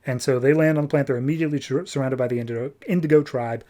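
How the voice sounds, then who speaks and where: A man hosting a podcast, casually retelling a comic book story and slipping into quick character voices. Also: mid-range voice, dark tone. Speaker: podcast host.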